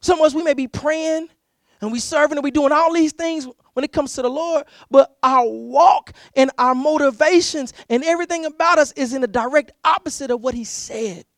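A man's voice: very high-pitched, normal speed, no echo, studio quality. A pastor preaching a conversational sermon, telling personal stories, often repeating words as he restarts his sentences and acting out the people he quotes. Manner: animated storyteller who repeats words as he restarts; acts out quoted voices loudly.

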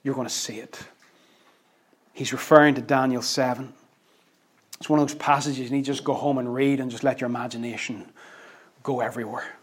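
A man preaching a sermon with emphatic, dynamic delivery that swings between loud declarations and hushed asides, conversational and lightly humorous. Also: mid-range voice, steady tone, a little fast, slightly rough.

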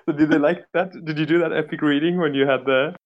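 A man's voice: on the high side, steady tone, fast, highs cut off. A man chatting casually about tabletop wargaming with enthusiasm, often laughing. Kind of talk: casual chat.

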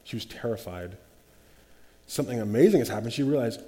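A man leading a group Bible study, animated, acting out quotes and often restarting his sentences. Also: mid-range voice, a little fast, long pauses, big-room sound.

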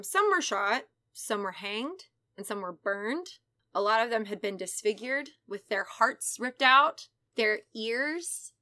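Bright-voiced woman telling a crime story. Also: medium pitch, no room sound, studio quality. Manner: casual, profane, acts out quotes. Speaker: podcast host telling a true crime story. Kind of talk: casual storytelling chat.

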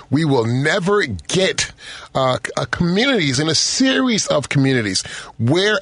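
A man's voice: mid-range voice, fairly bright tone, dry recording. A man hosting a talk show, teasing his guests and then speaking earnestly. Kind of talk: casual talk show chat.

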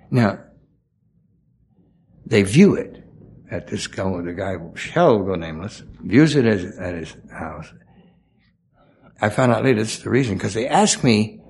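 An older man with a gravelly voice, a guest actor telling rambling showbiz stories in a casual interview and acting out the quotes. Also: lowish voice, a little mellow. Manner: rambling storyteller, acts out quotes.

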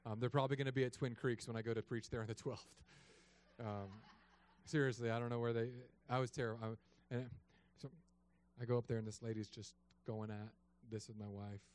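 A man in his thirties, a pastor, telling a story in a sermon with an animated, joking delivery. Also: medium pitch, fairly quick. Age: 30s.

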